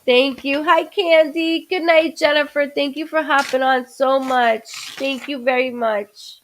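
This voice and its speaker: A woman's voice: sits high, fairly even intonation, a little slow, a little hiss or hum. A woman hosting a live stream, chatting with viewers and greeting them by name. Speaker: live-stream host, psychic reader.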